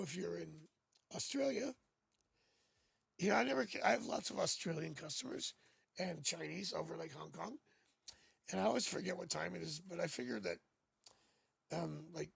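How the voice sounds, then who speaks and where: A man's voice: high-pitched, gravelly, slightly rough, dry recording. A man hosting a live tarot reading, talking casually and rambling, joking as he goes, on a new studio microphone. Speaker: psychic tarot reader hosting a live stream.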